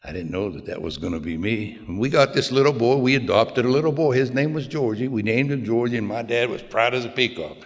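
A man's voice: medium pitch, a little fast, few pauses. Older man telling stories in a hall. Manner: folksy, plain-spoken, self-mocking humor. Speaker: speaker sharing his story. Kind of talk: personal storytelling talk. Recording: long hall reverb.

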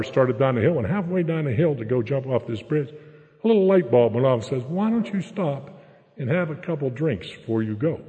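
A man's voice: mid-range voice, warm tone. An older man from the Pittsburgh area giving a blunt, plain-spoken recovery testimony, often tagging his lines with "okay?". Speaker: recovery meeting speaker. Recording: echoey hall, dull lo-fi sound.

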